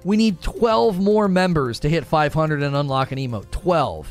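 A man hosts a casual live stream and talks through his thoughts in a loose, rambling way. He breaks off for quick asides and reads comments from chat. His voice sits a little high, with soft music underneath. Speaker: livestream host.

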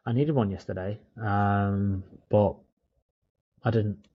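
A man's voice: fairly low pitch, fairly even intonation, slow pace, breathy edge, no echo, lo-fi sound. A man co-hosting a casual podcast chat, laid-back, swearing now and then and calling his friend mate. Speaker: podcast co-host. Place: in Dublin, remote call.

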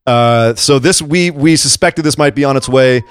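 Man, casual co-host chat, animated retelling, acts out quotes, dry close sound. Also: mid-range voice, normal speed, smooth, no echo. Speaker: podcast co-host. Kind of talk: casual chat recapping wrestling.

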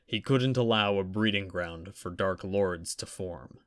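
A man narrating fiction aloud in a steady, even storytelling manner. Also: deep voice, unhurried, dry recording, studio quality. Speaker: audiobook narrator.

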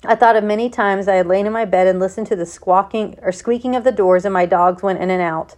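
A woman reading a novel aloud in first person, in a steady way with small stumbles and self-corrections. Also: mid-range voice, quick pace. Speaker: audiobook reader.

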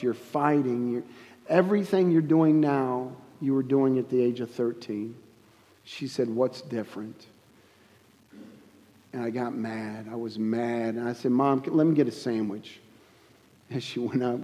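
A man's voice: medium pitch, mellow, highs cut off. Man telling his testimony in a big echoing hall. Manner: halting, earnest storytelling with many restarts. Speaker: guest speaker giving testimony. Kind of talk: personal testimony at a church service.

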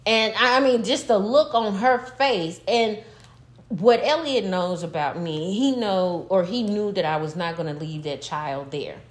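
A middle-aged woman telling a story in casual chat, animated and profane, breaking into laughter. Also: mid-range voice, measured pace. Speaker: podcast co-host, mother.

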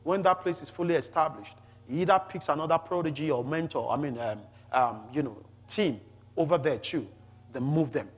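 A man preaching a Bible teaching sermon, reading scripture aloud with rising emphasis and pausing to explain it, often saying hallelujah. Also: fairly high pitch, long reverb tail. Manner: peppers talk with "glory to Jesus" and "hallelujah".

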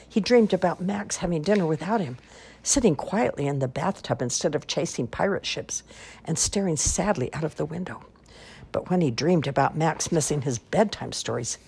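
Husky woman reading storybooks aloud. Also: low-pitched. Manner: expressive, lively storytelling. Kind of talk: animated storybook read-aloud.

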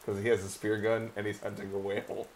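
A man's voice: lowish voice, little pitch movement, quick pace, a little mellow, slight background noise, poor audio. A man on a casual podcast chiming in with trivia asides about the episode. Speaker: podcast co-host.

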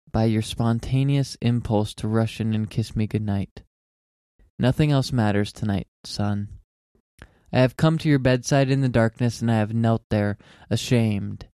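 A young man co-hosting a podcast, chatting casually and reading a poem aloud in an earnest, measured way. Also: mid-range voice, dark tone, clear, resonant tone, dry recording, studio quality. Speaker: podcast co-host.

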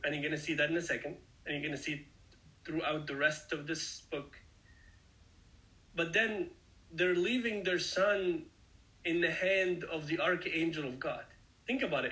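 A Bible teacher with a bright, forceful, higher-pitched male voice leads a conversational study of a passage. He explains it earnestly and addresses his listeners directly, though the recording quality is low.

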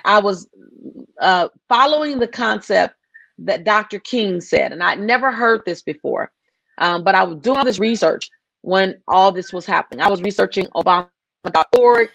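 A woman's voice: medium pitch, moderate pace, creaky, a bit bright, no echo. Passionate woman director speaking in an interview. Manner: passionate, repeats and restarts phrases. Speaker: filmmaker guest. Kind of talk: interview conversation.

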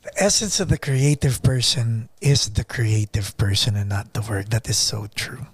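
Eager man hosting, slightly husky. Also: fairly low pitch, no echo. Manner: enthusiastic, quick to react. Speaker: podcast host. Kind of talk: conversational interview.

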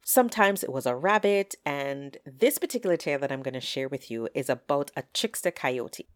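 A woman storyteller telling folktales aloud with an expressive, drawn-out delivery. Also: a bass voice, dry recording.

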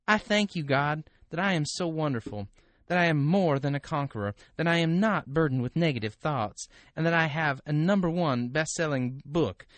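A man's voice: on the high side, a bit bright, dry recording, pitched above the performer's own voice, natural voice. A man putting on a smiling, self-satisfied megachurch preacher with a Texas drawl. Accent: Texas drawl, put on. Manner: grinning, upbeat sing-song delivery.

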